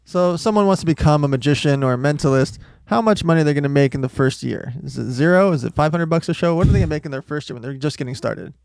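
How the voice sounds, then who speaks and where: A man hosting a podcast, asking quick, probing interview questions. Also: fairly high pitch, creaky, darkish tone, smooth, no room sound, studio quality. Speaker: podcast host.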